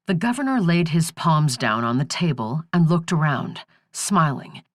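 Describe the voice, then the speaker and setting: A woman narrating an audiobook thriller in a measured, expressive reading. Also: sits low, no room sound, studio quality. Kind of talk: scripted narration.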